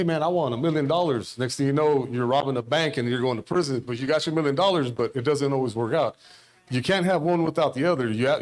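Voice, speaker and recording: A middle-aged man giving an informal sermon at a church service, rambling and conversational, telling stories with quoted dialogue. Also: mid-range voice. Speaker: lay preacher.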